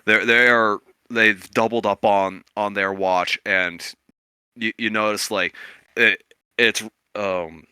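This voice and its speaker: A man's voice: fairly low pitch, steady tone, takes it slowly, sharp tone, clean tone, dry recording. A man narrating a tabletop game as game master, in a loose, searching way full of "like" and "kinda".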